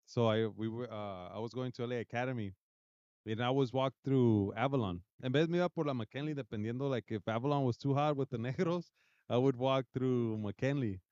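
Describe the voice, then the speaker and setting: Casting: young man, casual and profane, smooth clear voice, dull dry lo-fi sound. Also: medium pitch, brisk, a little mellow, dry recording. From South Central Los Angeles. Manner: casual, profane, switches between English and Spanish. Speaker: podcast host. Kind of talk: casual chat.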